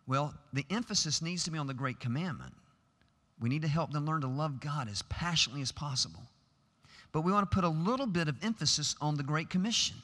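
A man's voice: on the high side, brisk, fairly bright tone. A middle-aged man preaching a sermon in a large chapel, earnest and emphatic, building to rhetorical questions. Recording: long hall reverb.

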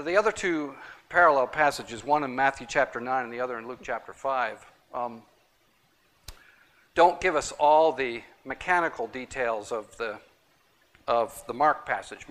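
Bright-voiced man teaching Bible study. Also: mid-range voice, moderate pace. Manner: emphatic, repeats key points.

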